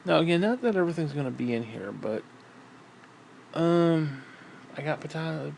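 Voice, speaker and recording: A man thinks out loud in a loose, rambling way, cursing often and circling back on himself. His voice sits a little higher than most men's, with a faint hum of noise behind it. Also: animated, moderate pace, creaky, pauses often. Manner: profane, meandering, frequent fillers. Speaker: writer talking about his books. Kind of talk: casual rambling monologue.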